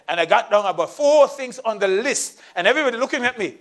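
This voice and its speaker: High-voiced pastor telling a story in a sermon. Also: male voice, quick pace, hardly any pauses. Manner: storytelling, shifts between soft asides and raised emphatic lines.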